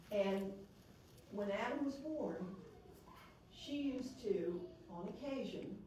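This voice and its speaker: A woman's voice: mid-range voice, a little mellow. A woman who is a local elected official, giving a chatty, joking, personal speech at a council meeting, with a noticeable accent. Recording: echoey chamber, distant mic, background noise.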